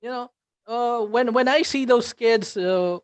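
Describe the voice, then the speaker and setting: A man's voice: extremely high pitch, a little slow, smooth, no room sound. Filipino guy talking in an interview, lots of uhs and restarts, dry close sound. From Philippines. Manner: hesitant, many fillers and restarts. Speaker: English teacher guest. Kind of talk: interview conversation.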